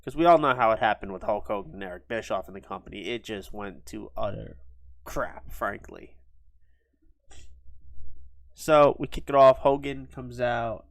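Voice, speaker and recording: A man's voice: mid-range voice, no echo. Guy rambling thru a wrestling sim, mid voice, dry close mic. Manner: quick and offhand, with fillers. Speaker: gaming video host. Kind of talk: casual commentary on a wrestling sim game.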